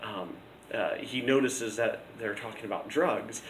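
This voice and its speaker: A man's voice: on the low side, measured pace. Rambling teacher man in a noisy classroom. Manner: rambling, full of ums and restarts. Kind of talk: casual talk to a class. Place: school classroom. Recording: echoey classroom with loud background noise.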